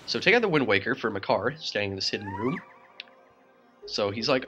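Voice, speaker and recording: Excitable man narrating a game. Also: lowish voice, fast, faint music behind, poor audio. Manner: excitable, laughs often, rambling. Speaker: let's play host. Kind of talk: casual gameplay commentary.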